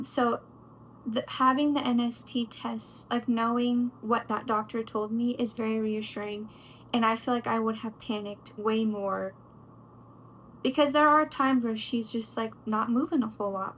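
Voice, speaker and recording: A woman's voice: on the high side, steady tone, moderate pace, fairly bright tone, a little hiss or hum, poor audio. A young woman talking casually to her viewers in a pregnancy update vlog, full of "like" fillers and acting out quoted lines. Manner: chatty, frequent "like" fillers, acts out quotes. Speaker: vlogger. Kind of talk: casual chat.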